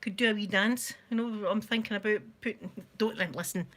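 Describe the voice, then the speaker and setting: This livestream host from Scotland speaks at a normal speed in a medium-pitched voice, with noise in the background. She keeps things casual with her viewers, laughing often and making jokes at her own expense.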